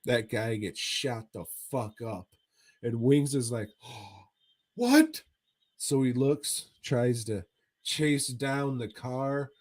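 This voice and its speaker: A man's voice: medium pitch, fairly even intonation, slow. A man co-hosting a podcast, recapping a movie in casual chat as a profane, rambling storyteller. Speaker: podcast co-host.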